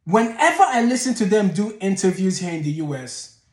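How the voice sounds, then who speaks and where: High-voiced man musing in an echoey room. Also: very animated, a little fast. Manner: emphatic, reframes and restarts mid-thought. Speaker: channel host. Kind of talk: opinion commentary vlog. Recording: roomy echoey room sound.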